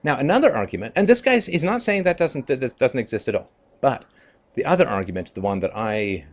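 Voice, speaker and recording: A man's voice: medium pitch, expressive, quick pace. A man with a mid-range voice delivers an opinion commentary monologue to his viewers. He talks in an emphatic, conversational way, dotting his points with "you know" and "right?" and letting out short chuckles. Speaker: political commentator.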